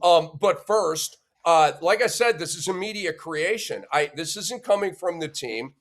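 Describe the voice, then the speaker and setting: A man's voice: on the high side, measured pace, a bit bright. A man hosting a sports podcast, giving an emphatic, opinionated rant and punctuating his points with a questioning "okay?". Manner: blunt and insulting toward critics.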